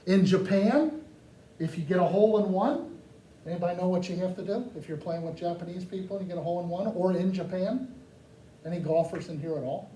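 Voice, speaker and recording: Animated high-voiced man talking to a crowd. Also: brisk. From United States. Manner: animated, joking, asks the crowd questions. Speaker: speaker addressing a live audience. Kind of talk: lively talk with audience questions. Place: hall with live audience. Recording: echoey room, mic far off, faint noise.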